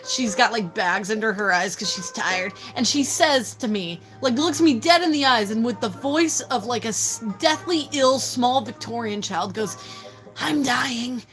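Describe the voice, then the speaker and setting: A woman hosting a casual livestream, telling a story with lots of swearing and animated outbursts. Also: a little high, moderate pace, hardly any pauses, soft background music. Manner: animated, profane, laughing storyteller. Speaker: livestream host.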